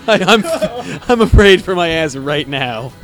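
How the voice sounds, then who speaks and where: A man's voice: high-pitched, sing-song, takes it slowly, soft background music. A man co-hosting a podcast in loose, rambling casual chat, giggling and swearing often. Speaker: podcast co-host.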